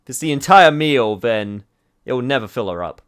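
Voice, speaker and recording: A man's voice: medium pitch, expressive, moderate pace, a bit bright, clean tone. A young man giving rambling, self-deprecating commentary over a game, laughing at his own slips. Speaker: game streamer. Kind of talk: let's play commentary.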